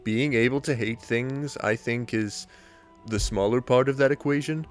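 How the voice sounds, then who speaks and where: A man's voice: mid-range voice, moderate pace, faint music behind, close to an everyday voice. A man reading the lines of an earnest, somewhat awkward teenage boy, in a plain, sincere way. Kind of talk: comic reading of a webcomic.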